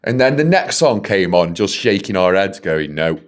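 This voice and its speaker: A man in casual podcast chat, blunt and dry in his banter. His pitch moves around a lot, keeping the talk lively. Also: moderate pace. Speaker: podcast co-host.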